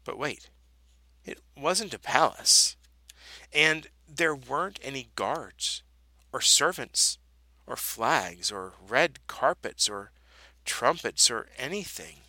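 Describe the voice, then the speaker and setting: A man reads a children's Bible story aloud, taking his time and letting his voice rise and fall widely for drama. His tone is very bright and sharp, and the recording is close and dry with no room sound. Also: mid-range voice, slow, no room sound, poor audio. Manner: expressive, dramatic storybook delivery. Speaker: storybook reader.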